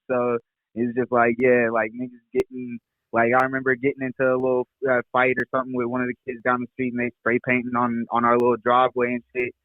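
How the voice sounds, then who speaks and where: Laid-back rapper on a phone line. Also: male voice, mid-range voice, no room sound. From Kansas City, Missouri. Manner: laid-back, rambling, lots of fillers and laughs. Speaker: rapper guest. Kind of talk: casual interview chat.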